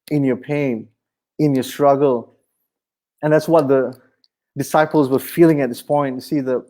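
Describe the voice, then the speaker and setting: A man preaching a sermon in an animated, conversational way with touches of humor. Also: mid-range voice. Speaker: pastor.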